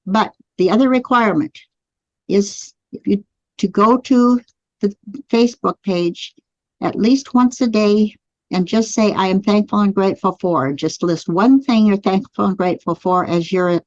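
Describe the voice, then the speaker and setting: A woman's voice: mid-range voice, unhurried, darkish tone, no room sound. Lady running a live online class, leading folks through affirmations, dry muffled stream audio. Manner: guiding listeners through spoken affirmations. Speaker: energy healing teacher. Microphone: computer mic on a live video stream.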